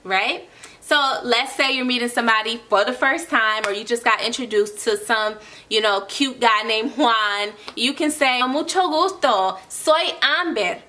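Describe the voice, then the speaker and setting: A young woman tutoring Spanish in a casual online lesson, encouraging and slowly repeating phrases for learners. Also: on the high side, sharp tone, slight background noise.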